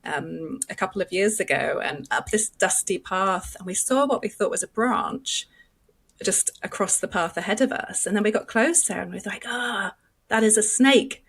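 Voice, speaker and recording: A woman co-hosting, with a mid-pitched voice. She explains facts in a clear, measured way, like a patient teacher. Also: expressive, fairly bright tone. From United Kingdom. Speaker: zoologist co-host.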